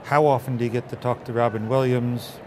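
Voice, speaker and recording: A man from England recalls stories in an interview, slipping into other people's voices as he tells them. A steady hum of traffic noise sits under his voice. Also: medium pitch, fairly quick. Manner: animated storyteller acting out quotes. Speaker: puppeteer guest. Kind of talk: interview anecdotes.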